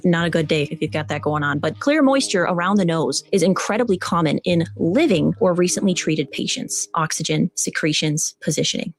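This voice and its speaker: A woman's voice: mid-range voice, no echo. A woman speaking as a mortician, explaining step by step in a matter-of-fact way with light asides. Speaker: mortician commentator. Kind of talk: explanatory commentary on a live stream.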